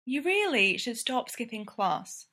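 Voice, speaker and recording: A woman's voice: on the high side, sing-song, measured pace, bright, forceful tone, exaggerated voice. A woman reading a story aloud, voicing a bookish young female student with a dry, patient manner.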